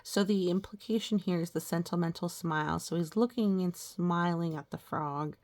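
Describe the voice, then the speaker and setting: A woman reading old children's rhymes aloud, stopping to gently explain the lessons and pictures. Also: fairly low pitch, moderate pace.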